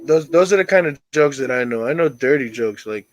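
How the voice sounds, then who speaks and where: A man's voice: medium pitch, fairly quick, faint music behind, low-quality recording. A man in casual chat, telling crude dirty jokes with lots of swearing and acting out the characters' voices. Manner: crude, animated storyteller doing character voices.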